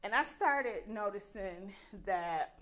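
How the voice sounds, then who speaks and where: A woman casually telling a personal story, acting out quoted dialogue with candid, animated delivery. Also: medium pitch, slow.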